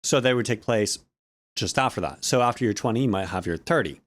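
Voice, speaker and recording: Rambling man with lively pitch. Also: fairly quick, no room sound. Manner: rambling, self-correcting, joking asides. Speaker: audio student vlogger. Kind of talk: casual explanatory vlog.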